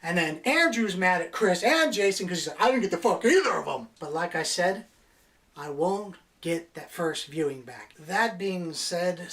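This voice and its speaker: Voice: medium pitch, fairly bright tone, distant mic. A movie reviewer ranting in a vlog, annoyed, blunt and crude.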